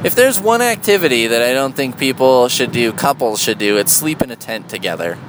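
A man's voice: mid-range voice, lively intonation, brisk, noisy background. A man doing stand-up comedy with a sarcastic, mocking, profane delivery.

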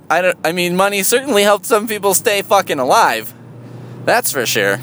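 A man in a casual, rambling monologue, sardonic and full of swearing, jumping into a high, loud voice for emphasis. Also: slight background noise.

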